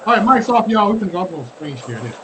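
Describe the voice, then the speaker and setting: A man hosting a casual livestream panel chat over a video call, animated and exclaiming. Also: high-pitched, background noise. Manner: animated, exclaiming, drawn-out hollers. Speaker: livestream host.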